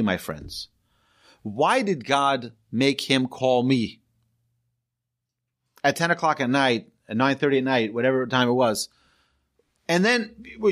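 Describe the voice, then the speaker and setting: Male rabbi, storytelling sermon, animated and conversational with the audience. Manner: storytelling, asks the audience questions; lively, rises in pitch for emphasis. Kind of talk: sermon to a congregation.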